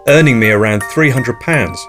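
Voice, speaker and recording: A man hosting an absurdist comedy podcast, delivering whimsical nonsense in a deadpan way. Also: mid-range voice, moderate pace, music in the background. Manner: deadpan, whimsical, jumps into silly voices. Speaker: podcast host.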